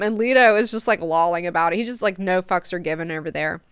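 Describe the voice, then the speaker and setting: A woman's voice: fairly low pitch, quick pace, few pauses, clean tone, no echo, clean studio sound. A woman hosting a book club, casually retelling and reacting, with frequent swearing. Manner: profane, animated, chatty retelling.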